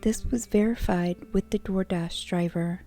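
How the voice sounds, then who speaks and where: Slow, mellow whispering woman. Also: mid-range voice, steady tone, soft background music. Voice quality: unvoiced whisper. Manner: soft-spoken, measured storytelling. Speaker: true crime ASMR narrator. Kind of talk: whispered ASMR narration.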